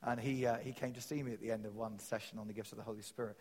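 A man preaching a sermon, telling stories with quoted dialogue in an animated way. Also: on the low side, racing, husky. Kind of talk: sermon teaching. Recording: long reverb of a large hall.

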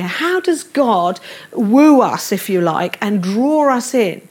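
A woman's voice: mid-range voice, expressive, slow, a little mellow, slightly rough. A middle-aged woman preaching a sermon, earnest and tender as she reads and explains scripture.

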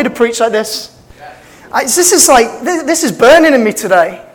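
A man's voice: extremely high pitch, expressive, normal speed. A middle-aged man, preaching a sermon as pastor with impassioned, building emphasis. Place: church.

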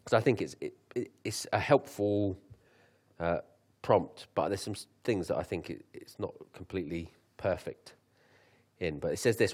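A young man preaching a sermon, chatty and joking, then reading scripture slowly with lifted emphasis. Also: deep voice, a little mellow, slightly rough. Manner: conversational, laughs at his own asides.

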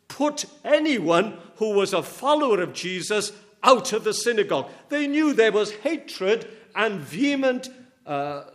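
A man's voice: sits high, fairly bright tone. A man preaching a sermon, earnest and emphatic, swelling on key words and often restarting his sentences.

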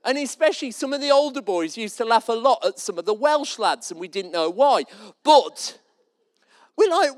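A man's voice: very high voice, sing-song, normal speed. A man preaching a sermon in a church, conversational and storytelling, with light jokes.

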